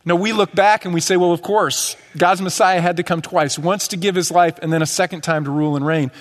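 A pastor delivers a sermon in a church sanctuary, his voice a little high for a man and steady in tone. He teaches conversationally, breaking into quick acted-out lines, and a long church-hall reverb follows his words.

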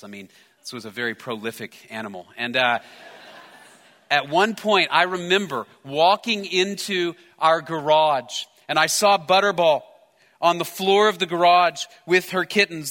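A man preaching a sermon as pastor, earnest, slowing and softening when he reads scripture. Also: a little high, big-room sound. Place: church sanctuary.

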